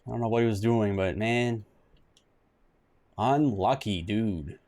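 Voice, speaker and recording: A man's voice: fairly low pitch, slow pace, darkish tone. A man streaming a retro detective game, chatting casually with many restarts, reading bits aloud and joking at himself. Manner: rambling, self-mocking, with restarts and sudden exclamations. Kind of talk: casual let's-play commentary.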